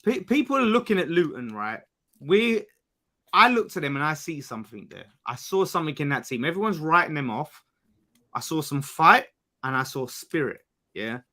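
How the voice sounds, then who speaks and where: High bright guy banging on about football, bit of a show-off. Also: normal speed. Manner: boastful, animated banter, swears. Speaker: podcast panelist. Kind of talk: casual football chat.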